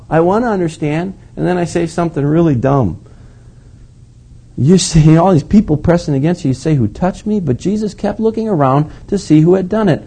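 A man's voice: on the high side, warm tone, breathy edge. A male pastor preaching a sermon in a storytelling way, acting out the quotes and chuckling often.

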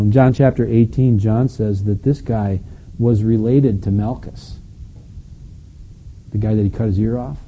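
Dark-voiced preacher, conversational. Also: male voice, mid-range voice, slight background noise, low-quality recording. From Wisconsin, United States. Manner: storytelling preacher, reads scripture then explains it conversationally. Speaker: pastor. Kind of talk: sermon.

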